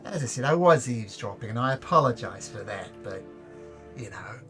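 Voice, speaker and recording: A man voicing a gruff, overly friendly male bugbear moneylender in a tabletop game. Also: mid-range voice, expressive, a little fast, a bit bright, soft background music. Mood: wheedling. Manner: wheedling, overly friendly sales talk.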